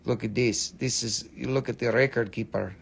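A man's voice: mid-range voice, steady tone, normal speed, gravelly, a little hiss or hum. A man in his forties from America, hosting a live crystal sale with playful, rambling banter. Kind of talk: joking live-stream sales chat.

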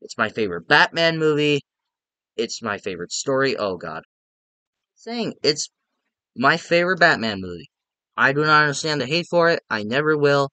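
A young man rants about his favorite films in a bright, forceful voice that leaps up in pitch when he gets worked up. He swears often, restarts his sentences and rambles excitedly. The sound is dry and close, with no room around him. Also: moderate pace, no echo. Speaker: movie reviewer. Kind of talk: casual ranking rant.

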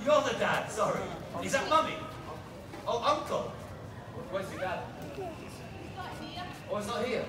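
A man performing a crowd-work street show outdoors, loudly bossing and teasing his volunteers. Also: very high voice, expressive, measured pace, pauses often, background noise. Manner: loud, bossy and teasing with volunteers. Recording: distant echoey outdoor sound with loud crowd.

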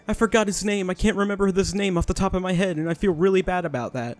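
A man's voice: high voice, a little fast, hardly any pauses, no echo, soft background music. A young man doing let's play commentary, joking and talking to the characters on screen. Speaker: gaming YouTuber.

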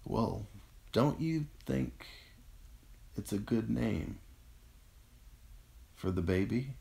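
A man's voice: on the low side, expressive, drawn-out words, vocal fry, darkish tone, voice pushed up, full character voice. Man voicing a gasping dying man. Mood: gasping, tender. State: out of breath.

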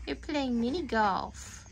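A woman's voice: on the high side, gravelly, slight background noise. A mother on a family vlog, cooing at her baby in sing-song baby talk.

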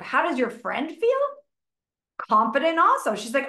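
A middle-aged woman teaches a relationship masterclass in a chatty, unscripted way, full of fillers and quick acted-out exchanges. Her voice sits slightly high, and the room around her rings with noticeable echo. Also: wildly swooping pitch, sharp tone. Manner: chatty, filler-heavy, acts out little dialogues. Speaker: relationship coach presenting a masterclass. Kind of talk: informal teaching talk. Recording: echoey room.

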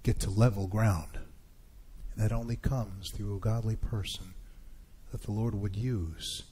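A man's voice: fairly low pitch, wildly swooping pitch, unhurried, warm tone, a little hiss or hum. A middle-aged man preaching a sermon as pastor, calling out to his congregation. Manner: preaching with rising calls to the congregation.

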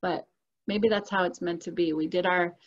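A woman's voice: fairly low pitch, steady tone, normal speed, lo-fi sound, a little hiss or hum. A woman telling a personal spiritual story in a casual, earnest and emotional way, as a guest on a video call.

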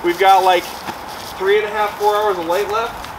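Guy filming himself camping in the snow, high lively voice, loud wind noise, drifts off mic. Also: moderate pace, recorded from a distance. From Michigan. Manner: chatty, talks to his dogs, rambling asides. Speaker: outdoor vlogger. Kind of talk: casual camping vlog talk. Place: outdoors on a frozen lake in snowy woods.

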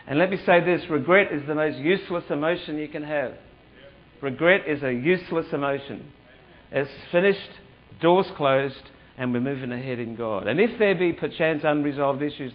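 A man's voice: medium pitch, dull audio. A man preaching a sermon as pastor in a church hall, fervent and full of prayerful interjections like hallelujah.

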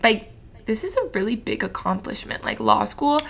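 A woman's voice: fairly high pitch, sing-song, normal speed, creaky, slight background noise. A woman in her twenties from Florida, a podcast guest in a candid chat, rambling and emotional with lots of "like". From Florida, USA. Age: 20s. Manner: rambling and emotional, heavy use of "like".

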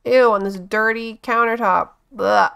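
A woman giving casual let's-play commentary, chatty and bossing her game characters around with quick exclamations. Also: fairly high pitch, steady tone, creaky, a bit bright, clean tone. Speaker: gaming channel host.

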